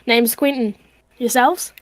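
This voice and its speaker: A woman's voice: a little high, fairly even intonation, takes it slowly, no echo. Quentin, a woman putting on a brash Australian bloke. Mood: cocky. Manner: swaggering, exaggerated. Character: brash male adventurer, cocky and crude.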